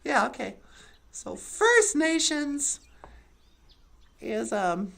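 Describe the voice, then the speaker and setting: A woman's voice: high voice, sing-song, drawn-out words, vocal fry, fairly bright tone. A woman telling stand-up stories in a sardonic way, acting out other people's voices as she goes. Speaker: comedian. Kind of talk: stand-up storytelling.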